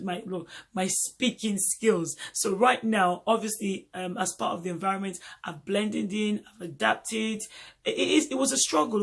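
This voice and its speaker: A man's voice: high-pitched, gravelly, fairly bright tone. A man from Nigeria with a Nigerian accent, talking in an emphatic casual monologue and repeating points for stress. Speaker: vlogger host.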